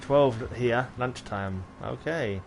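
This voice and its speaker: Man, casual livestream chat, mid-pitched voice, talks to himself while playing. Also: takes it slowly, vocal fry, a little hiss or hum. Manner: chatty, mutters to himself while building. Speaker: game streamer.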